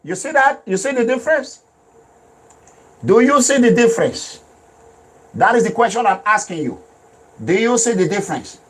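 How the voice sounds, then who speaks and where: A man delivers political commentary in a high, husky voice with lively pitch swings. He lectures and repeats himself emphatically. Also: moderate pace, long pauses, low-quality recording. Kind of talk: video commentary.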